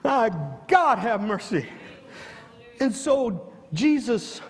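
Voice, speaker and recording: Casting: male pastor, very high voice, rhythmic "uh"-punctuated preaching, church hall echo. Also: lively intonation, slow pace, heavy background noise. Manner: preaching with frequent "uh" before each phrase, rising to shouts. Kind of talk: sermon.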